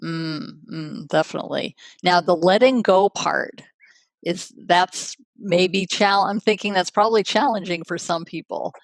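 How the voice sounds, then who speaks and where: A woman's voice: on the low side, a little slow, creaky, dry recording. A woman hosting a podcast interview who affirms her guest and asks follow-up questions. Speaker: podcast host.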